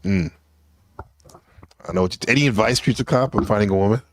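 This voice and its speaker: Male panel host, lowish and dry, teasing, profane, loose. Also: fast, no echo. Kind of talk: casual panel show hosting.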